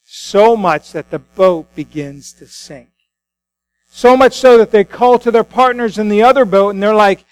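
Pastor, male, high voice, dry close sound, chatty storytelling sermon with many restarts. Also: lively intonation, unhurried, no room sound, poor audio. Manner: conversational storytelling with frequent restarts.

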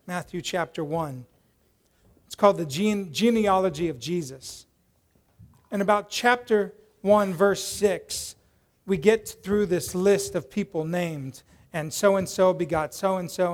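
Animated high-voiced male preacher. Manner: animated storyteller, acts out quoted voices loudly, drops to soft prayerful tone. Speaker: pastor. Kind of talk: sermon with storytelling.

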